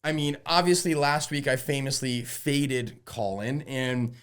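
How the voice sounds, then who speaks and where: A man on a casual podcast, pushing back on his co-host with lively conviction. He speaks at a middling pitch, and his talk is loose and conversational. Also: a little slow, smooth. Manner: animated, argumentative, casual swearing. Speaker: podcast co-host, golf betting. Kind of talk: casual chat.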